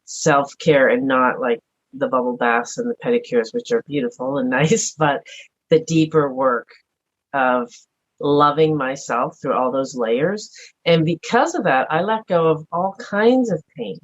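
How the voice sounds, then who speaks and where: A middle-aged woman speaking earnestly and softly as a podcast guest, thinking aloud in a reflective personal conversation. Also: rumbling low, a little slow. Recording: dull lo-fi audio.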